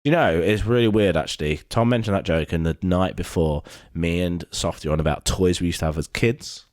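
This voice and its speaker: Lively British man with a low voice. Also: brisk, dry recording, studio quality. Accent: British English. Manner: animated storytelling, heavy swearing, acts out quotes. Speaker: podcast co-host. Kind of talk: casual chat.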